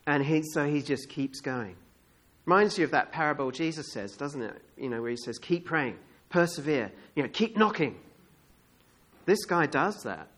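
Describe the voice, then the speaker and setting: Bright-voiced male preacher telling a story. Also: fairly high pitch. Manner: conversational storytelling, acting out scenes. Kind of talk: sermon.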